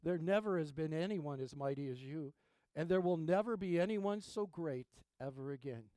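Gushing courtiers, voiced by a preacher. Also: male voice, a little high, moderate pace, no room sound, natural voice. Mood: fawning. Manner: gushing, flattering. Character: fawning royal courtiers, flattering men.

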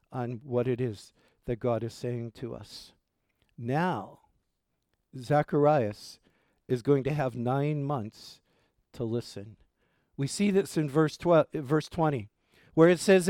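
Man preaching with a raised, dry-toned voice. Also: no room sound. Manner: expressive storytelling, voice dropping low and soft at phrase ends. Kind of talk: sermon.

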